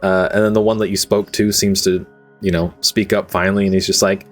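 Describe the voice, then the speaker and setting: A man's voice: low-pitched, level tone, fairly quick, soft background music. A young man running a tabletop game as game master, narrating casually at home into his own microphone, rambling with lots of "like" and "um" and laughing easily.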